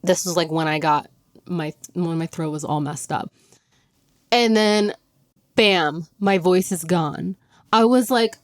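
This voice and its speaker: A young woman chats on her podcast in a loose, rambling way, full of "like"s and easy laughter. Her voice sits a touch low, and she still sounds a bit worn from a recent illness. The sound is close and dry, with no room around it. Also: measured pace, no room sound. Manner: chatty, lots of "like", laughs often. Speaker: podcast host. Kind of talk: casual chat.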